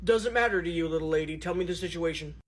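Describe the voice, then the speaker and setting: A woman's voice: on the low side, quick pace, pitched below the performer's own voice, natural voice. A woman playing a lazy, patronizing male restaurant manager in a comedy skit, calling women "honey". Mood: dismissive. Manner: dismissive, patronizing, says "honey" and "little lady".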